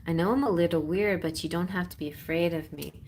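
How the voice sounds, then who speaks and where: A woman's voice: on the low side, brisk, darkish tone, slight background noise. A woman giving a chatty live-stream tarot reading, giggling and reading card messages aloud. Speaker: tarot reader.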